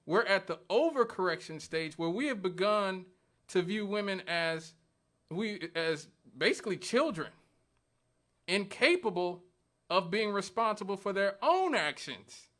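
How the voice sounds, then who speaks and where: A man's voice: sits high, lively intonation, a little slow, fairly bright tone. A male radio talk show host giving an emphatic, argumentative monologue, repeating points for stress. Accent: Northwest Indiana.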